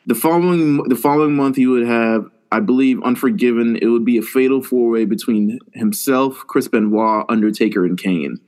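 A man co-hosts a podcast live watch in loose, casual chat. He is laid-back and keeps his voice at a plain middle pitch, often opening a thought with "listen". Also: moderate pace, hardly any pauses, darkish tone. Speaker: podcast co-host.

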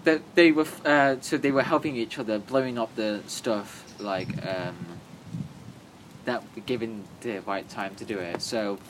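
A man co-hosting a podcast, chatting casually and retelling a plot in a halting, rambling way full of fillers and restarts. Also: lowish voice, slight background noise. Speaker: podcast co-host. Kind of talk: casual chat.

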